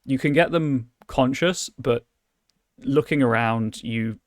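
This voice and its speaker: A man's voice: medium pitch, slow, no room sound, studio quality. A man running a tabletop game as game master, describing scenes with many restarts and fillers.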